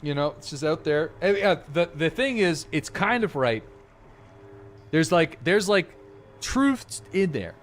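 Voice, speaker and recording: A man's voice: a little high, animated, unhurried, slight background noise. A young man from eastern Canada, rambling and joking through casual live-stream commentary while he plays. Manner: rambling and jokey, with many fillers. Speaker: gaming streamer.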